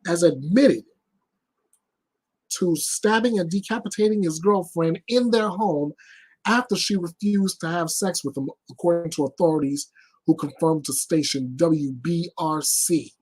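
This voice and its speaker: Blunt, husky-voiced male news host. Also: fairly high pitch, darkish tone. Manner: blunt, emphatic, deliberate. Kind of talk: blunt news commentary and reading.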